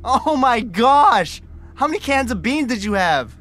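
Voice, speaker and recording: An excitable man hosting an improvised comedy podcast while playing a superhero sidekick. His high, bright voice leaps around wildly, dropping into gruff low lines for laughs. He talks with a bright, forceful edge. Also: measured pace.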